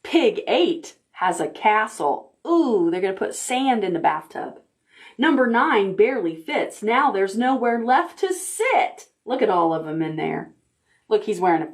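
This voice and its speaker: A woman librarian reading a picture book aloud to preschoolers, pointing out the pictures as she goes. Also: mid-range voice. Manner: slow, animated, pointing out pictures to children. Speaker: children's librarian.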